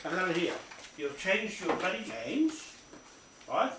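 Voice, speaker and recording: A New Zealand man records himself ranting on camera in a high-pitched, very animated voice, speaking a little slowly. Angry and profane, he repeats himself and keeps tacking "right?" onto his points, in an echoey room with faint background noise.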